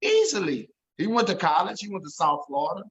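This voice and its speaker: A man's voice: high-pitched, wildly swooping pitch, brisk, a bit bright, highs cut off. Earnest man, stammering storyteller. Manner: earnest, repeats words, stammers when moved. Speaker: interview guest. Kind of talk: emotional storytelling.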